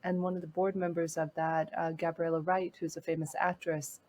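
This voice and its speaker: A woman guest in an interview, speaking earnestly and gently encouraging as she tells a personal story. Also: low-pitched, level tone, fairly quick. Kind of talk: heartfelt interview talk.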